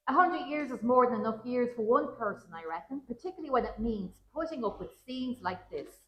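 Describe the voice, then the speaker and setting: A woman's voice: fairly high pitch, animated, a little fast, few pauses, fairly bright tone, slight background noise. A woman, a children's author, reading a story aloud to an audience in a wry first-person voice. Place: large roomy museum hall at a public event. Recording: roomy event hall.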